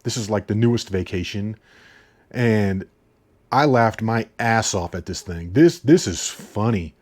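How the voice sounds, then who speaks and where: A man's voice: fairly low pitch, animated, measured pace, a little mellow. A man talking casually about movies he watched, rambling, repeating himself and laughing often. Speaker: movie reviewer.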